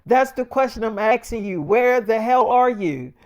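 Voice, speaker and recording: A man's voice: very high voice, expressive, normal speed, voice pushed up. A man voicing an irritated sick young woman who scolds her boyfriend over the phone, profane and demanding.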